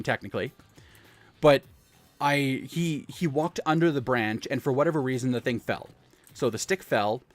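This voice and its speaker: A man's voice: medium pitch, dry recording. A young man tells rambling, profane childhood stories on a casual live stream, often correcting himself. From Canada.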